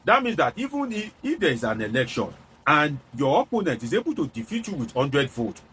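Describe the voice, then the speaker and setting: A man's voice: fairly high pitch, sing-song, brisk, a bit bright, a little hiss or hum. A man with a Nigerian accent delivering political analysis to viewers, explaining point by point and repeating key figures for emphasis. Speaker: political commentator.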